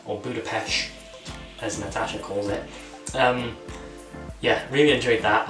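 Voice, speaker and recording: A man hosting a casual movie review, talking enthusiastically and rambling with many fillers. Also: mid-range voice. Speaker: channel host reviewing a film. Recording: echoey room, distant mic, music. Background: music.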